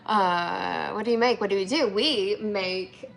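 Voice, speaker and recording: Bubbly creaky-voiced woman livestreaming. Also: mid-range voice, a little slow. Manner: bubbly, chatty, laughs often, answers chat questions aloud. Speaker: livestream host, flower preservation business owner. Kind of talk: casual livestream chat, reading viewer comments.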